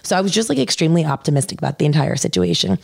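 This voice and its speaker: A young woman with a notably low voice tells a long personal story. She fills nearly every phrase with "like" and swears offhandedly, as casual podcast chat. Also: animated, rapid-fire, vocal fry, darkish tone. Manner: says "like" constantly, swears casually.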